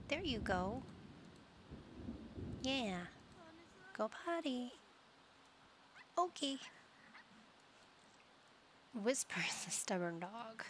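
A woman's voice: on the high side, sing-song, very slow, long pauses, noisy background. A young adult woman casually commenting on her gameplay, cooing and doting as she talks to the pets in her game. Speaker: gaming channel host.

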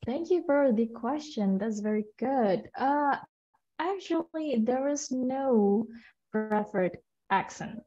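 A woman English teacher talks through exam tips in a loose, chatty way, full of fillers and encouragement. Her voice sounds mellow and dark. The sound comes through a muffled, lo-fi online call. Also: a little high, animated, takes it slowly. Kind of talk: online class talk.

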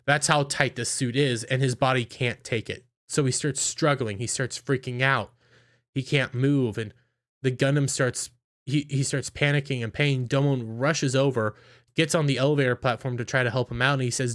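A man's voice: medium pitch, fairly bright tone. Guy rambling through an anime recap, lots of likes and you knows, does the characters' lines. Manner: rambling, filler-heavy, acts out characters' lines. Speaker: anime reviewer. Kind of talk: casual episode recap.

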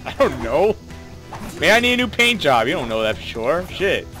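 A young man hosting a gaming video, excitable, laughing and swearing at the game while he plays. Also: fairly high pitch, moderate pace, faint music behind. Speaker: gaming channel host. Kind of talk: casual gameplay commentary.

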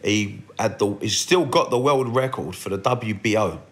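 Blunt, sweary podcast host. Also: male voice, lowish voice, normal speed, fairly bright tone. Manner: blunt, swears freely, rambling with restarts. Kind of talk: casual storytelling monologue.

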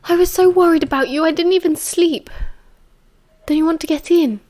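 A woman with a British accent reading the lines of an eager, affectionate young man in an audiobook, often hushed and breathless. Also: very high-pitched, fairly even intonation, normal speed, voice pushed up.

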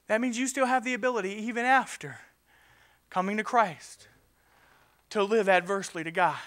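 A male pastor preaches passionately, swinging between loud urgency and quiet moments, frequently stammering and starting over. His voice is high and his speed normal.

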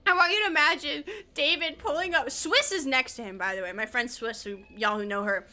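A woman's voice: high-pitched, a little fast, pushed and bright, slight background noise. A woman gaming streamer chatting casually while she plays, rambling, giggly, easily sidetracked and swearing a lot.

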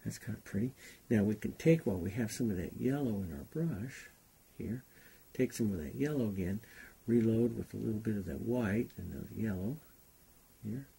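A man's voice: lowish voice, normal speed, creaky, warm tone, slightly rough. A man teaching a painting class, talking unhurriedly and thinking aloud as he paints. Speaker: painting instructor. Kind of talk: relaxed painting demonstration.

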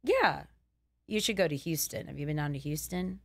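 A young woman comedian hosting a podcast, chatting casually, brash and swearing freely with quick joking asides. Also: sits low, animated, gravelly, dry recording, clean studio sound.

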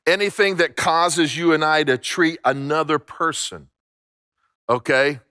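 A man's voice: fairly high pitch, a bit bright, dry recording, studio quality. A middle-aged man preaching a sermon as pastor, emphatic, repeating phrases and restarting words. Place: church sanctuary.

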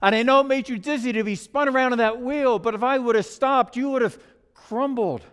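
A man voicing a patient master potter who calmly explains why he shaped his work. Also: extremely high pitch, clear, resonant tone. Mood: explaining. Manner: slow, gentle, explaining. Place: church sanctuary. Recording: long church reverb.

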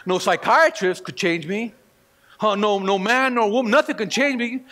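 Speaking at a normal speed with a high, bright, forceful tone, a male pastor preaches from a church sanctuary. He narrates stories and voices the people he quotes, while the recording carries the lingering reverb of a church hall.

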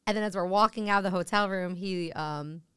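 A woman's voice: medium pitch, brisk, clean tone, no room sound. A woman in her thirties, a comedian guest, telling stories in casual podcast chat and acting out the voices of people she quotes. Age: 30s. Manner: animated, acts out quoted voices.

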